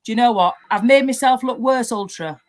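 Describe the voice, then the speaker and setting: With a crowd audible behind her, an adult married woman speaks a little fast in a slightly high voice. Appearing as a guest on a live stream, she rants furiously, swearing heavily and breaking into loud outbursts.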